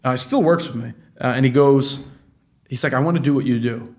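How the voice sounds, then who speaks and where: At a fairly quick pace and in a mid-range voice, a late-twenties man chats casually as a podcast guest; he owns a real estate business. He swears freely and brings his stories to life by acting out the quoted dialogue.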